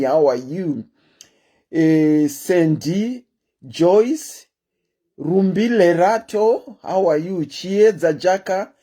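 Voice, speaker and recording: A woman's voice: deep voice, mellow. A Zimbabwean woman hosting a casual live stream, chatting and greeting her viewers one by one.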